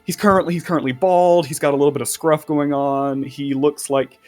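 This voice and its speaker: A man's voice: fairly high pitch, steady tone, brisk, a little mellow, soft background music. A man running a tabletop game as game master, narrating in a chatty, loose way with restarts.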